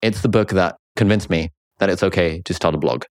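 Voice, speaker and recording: Young British guest, very low and quick, animated and jokey. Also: male voice, no room sound, studio quality. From Britain. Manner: fast, animated, jokey storytelling. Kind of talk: casual interview chat.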